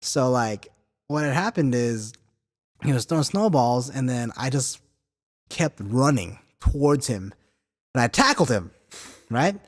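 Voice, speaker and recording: A man in his thirties hosts a podcast, telling loose, profane stories in a mid-range voice that's a little slow with frequent pauses. He's animated, laughs through the stories, and leans heavily on filler words. A long reverb tail trails the audio.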